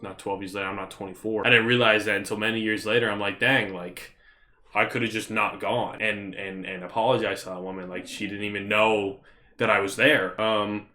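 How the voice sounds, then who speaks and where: A young man in casual storytelling mode, rambling and animated, full of fillers like "you know" and "like". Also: on the low side, brisk. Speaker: vlogger.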